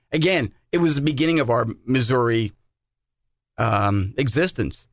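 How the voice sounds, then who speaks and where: A man's voice: medium pitch, lively intonation, a little slow, dry recording, clean studio sound. A middle-aged man co-hosting a podcast, telling stories in a chatty way and repeating words as he goes. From New Jersey, USA. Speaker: podcast co-host. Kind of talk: casual podcast chat.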